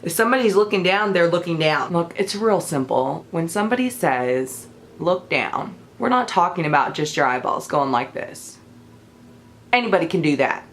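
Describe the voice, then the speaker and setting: A young woman, a hair stylist, giving blunt and sassy salon advice in an instructional vlog. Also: mid-range voice.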